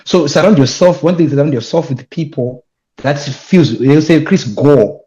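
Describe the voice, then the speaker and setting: A young man with a Zimbabwean accent telling his story as an interview guest, animated and emphatic, repeating words when excited. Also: on the high side, normal speed, highs cut off. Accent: Zimbabwean English. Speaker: guest, youth leadership speaker.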